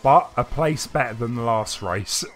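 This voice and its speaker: A man's voice: mid-range voice, a bit bright. A man talks through a live game stream, his voice rising and falling a lot as he rambles and stops to answer chat. His talk is loose and full of hesitations, with faint game music playing underneath. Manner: chatty and rambling, with frequent hesitations. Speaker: gaming streamer. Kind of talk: casual live-stream commentary reading chat.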